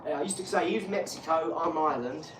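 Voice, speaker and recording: A man talks casually on a live stream while he works out at boxing, rambling from one thought to the next and swearing freely. He sounds distant from the mic in an echoey room, with loud noise behind him. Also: a little high, quick pace. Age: 40s. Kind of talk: casual chat during a boxing workout. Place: home workout room.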